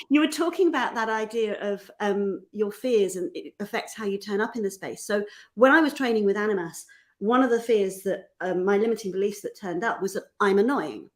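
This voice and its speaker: A middle-aged woman, a host and life coach, talking casually and acting out quoted voices with quick laughs. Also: medium pitch. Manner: animated, acts out voices in quotes, laughs often. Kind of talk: casual podcast conversation.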